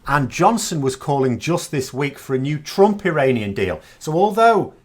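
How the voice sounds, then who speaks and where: A man's voice: fairly high pitch, animated, normal speed. A British man hosting a political commentary channel, delivering a scornful, sarcastic monologue with emphatic points.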